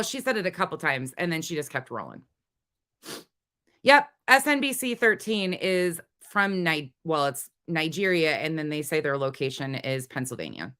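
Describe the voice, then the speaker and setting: A woman's voice: on the low side, sharp tone. A woman hosting a livestream, talking to her chat in a heated, swearing, casual way. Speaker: livestream host.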